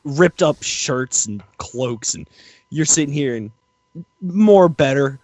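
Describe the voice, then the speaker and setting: A man's voice: fairly high pitch, expressive, takes it slowly, darkish tone, no echo. A man chats as a player in a tabletop game in a playful, jokey way. His voice swings up and down a lot. The sound is dry.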